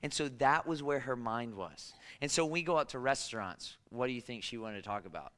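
Forceful, resonant preaching man in a hall. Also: medium pitch, expressive, fairly quick. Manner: storytelling, conversational and humorous. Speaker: pastor. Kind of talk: sermon.

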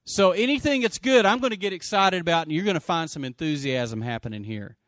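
A man preaching a sermon, calling for amens and swinging from loud exclamations to quiet asides. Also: fairly high pitch, animated, brisk, no echo, studio quality. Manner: calls for audience response. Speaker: pastor.

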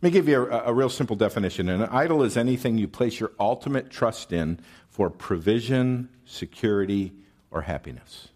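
A man's voice: fairly low pitch, expressive, brisk, darkish tone. A male pastor preaching a sermon in a conversational, wry manner, asking his listeners questions.

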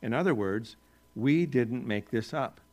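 A male pastor with an American accent preaching a sermon in a relaxed, conversational way, with joking asides and chuckles. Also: mid-range voice, a little slow.

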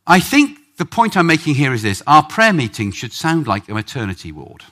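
A man preaching a sermon in church, animated, acting out prayers with big swings in pitch and loudness. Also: fairly quick.

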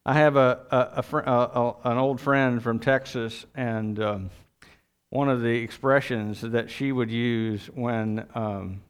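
A man's voice: mid-range voice, fairly even intonation, takes it slowly, clear, resonant tone. A middle-aged man preaching a sermon, reading scripture and then explaining it in a conversational way with asides. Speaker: pastor.

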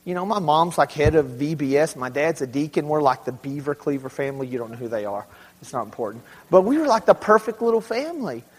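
A man from Dallas speaking to a young audience, telling animated, self-mocking stories in a large hall. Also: a little high, fast. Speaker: youth speaker. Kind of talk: storytelling talk to kids. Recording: long hall reverb.

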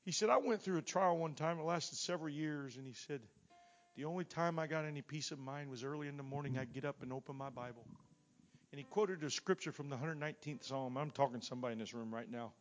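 A middle-aged man preaching a Pentecostal sermon in a church, his volume surging and sinking as he builds to near-shouts. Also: fairly high pitch, fast. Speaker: pastor. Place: church sanctuary.

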